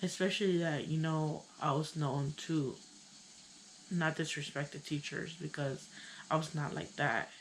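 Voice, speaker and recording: A young woman with a Chicano English accent, telling a personal story in a casual, halting way, full of "like" and "you know". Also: deep voice, fairly even intonation, a little hiss or hum, low-quality recording. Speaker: vlogger.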